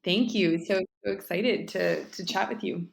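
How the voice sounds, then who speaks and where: A woman from Western Canada, a company founder, talking about herself in a friendly, measured way with frequent ums as a podcast guest. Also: on the low side, creaky, slight background noise. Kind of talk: casual interview.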